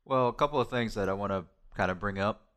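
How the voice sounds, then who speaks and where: A man's voice: fairly low pitch, fast, fairly bright tone. A man co-hosting a casual podcast chat, laid-back, mostly listening and adding murmured replies. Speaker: podcast co-host.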